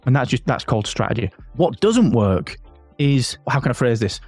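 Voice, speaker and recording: A man's voice: mid-range voice, normal speed, dry recording. Guy rambling about podcasting, dry close sound, faint music under it. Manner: animated, rambling, emphatic. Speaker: podcasting expert guest. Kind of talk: casual interview advice.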